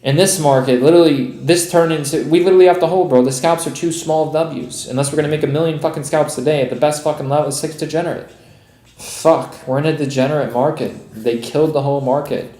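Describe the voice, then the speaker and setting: A man's voice: a little high, steady tone, fairly quick, dark tone, roomy sound. A man ranting on a live trading stream in casual talk, frustrated, swearing heavily and calling his viewers bro and dude.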